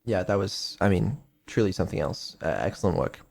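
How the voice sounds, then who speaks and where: A man's voice: sits low, lively intonation, brisk, gravelly, slightly rough. A man streaming as a developer, talking casually with lots of ums and dry sarcasm. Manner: mumbling, hesitant, many ums, dry sarcasm.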